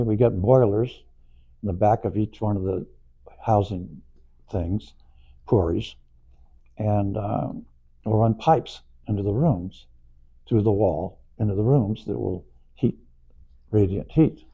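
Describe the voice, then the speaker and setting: An older man being interviewed, rambling through anecdotes with frequent chuckles, his voice gravelly. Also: on the low side, a little slow, pauses often, lo-fi sound. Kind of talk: anecdotal storytelling.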